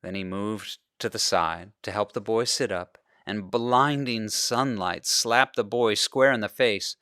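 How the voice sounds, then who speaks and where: A male pastor reading a children's storybook aloud, narrating in an expressive way. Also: on the low side, measured pace, clean tone, no echo, clean studio sound.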